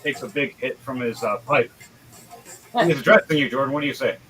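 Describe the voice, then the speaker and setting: A man narrating as game master of a tabletop game, lively and quick with fillers. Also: medium pitch, low-quality recording. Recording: faint music behind.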